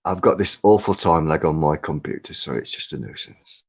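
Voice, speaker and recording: A very deep-voiced English co-host, with lively intonation, vocal fry, and a breathy edge, jokes and laughs often while chatting slowly on a casual live stream from home via a computer mic.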